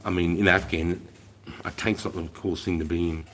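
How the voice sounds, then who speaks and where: A man's voice: deep voice, brisk, slight background noise. Profane Australian man on a livestream. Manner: profane, animated storytelling, swears constantly. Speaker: livestream host, army veteran. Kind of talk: casual livestream chat.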